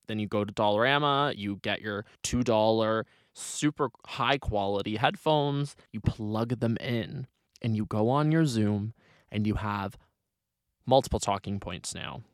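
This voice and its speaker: A young man hosting his own solo podcast, talking in an animated, chatty way with lots of "like" fillers. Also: lowish voice, measured pace, no room sound, studio quality. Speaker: podcast host.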